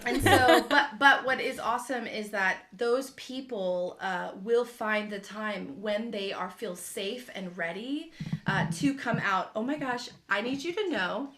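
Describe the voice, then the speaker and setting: Bright, chatty woman on a video call. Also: on the high side, a little slow, a little hiss or hum. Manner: chatty, laughing, joking. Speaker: guest singer-songwriter. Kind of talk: casual chat on a video call.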